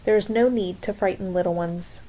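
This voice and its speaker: A woman reading the lines of a quiet, polite mother protecting her children. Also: medium pitch, moderate pace, slight background noise, close to an everyday voice, rough recording.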